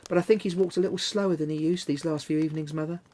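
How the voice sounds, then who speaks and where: A man's voice: fairly high pitch, fairly even intonation, very fast, warm tone, a little hiss or hum, pitched above the performer's own voice, natural voice. A man reading aloud, voicing an earnest, eager teenage boy.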